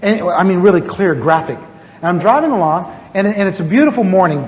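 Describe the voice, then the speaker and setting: A preacher telling a personal testimony in a sermon, animated and chuckling, repeating his words for effect. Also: high voice, a little fast. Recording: dull lo-fi audio with long hall reverb.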